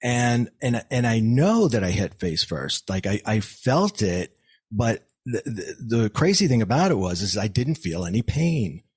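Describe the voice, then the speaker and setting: Low-voiced man telling a personal story. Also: sing-song, unhurried, a little mellow, husky, no echo. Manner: earnest, many restarts and fillers. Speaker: podcast guest.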